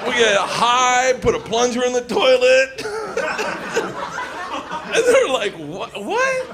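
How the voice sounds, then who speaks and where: A man in his forties doing a loud, excitable stand-up comedy set on a club stage, storytelling with shouted bursts. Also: very high-pitched, takes it slowly, over a noisy crowd. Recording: live club recording with audience noise.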